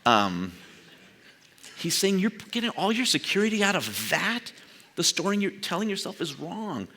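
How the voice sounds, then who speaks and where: An older man preaches a sermon in a loose, conversational way, slipping into quoted dialogue and laughing at his own asides. His voice is bright and clear. His pitch rises and falls a lot as he talks. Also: sing-song, normal speed, a little hiss or hum. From San Jose, California. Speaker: pastor.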